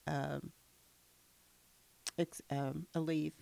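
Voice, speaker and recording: A woman's voice: sits low, flat delivery, very slow, gravelly, mellow, no echo. An older woman giving a patient testimony in a casual interview, answering hesitantly with fillers. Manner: hesitant, with fillers and small laughs.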